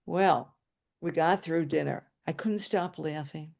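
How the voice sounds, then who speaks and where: A woman telling a personal story on stage in an animated way, jumping into high excited voices when quoting. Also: a little slow, creaky, highs cut off.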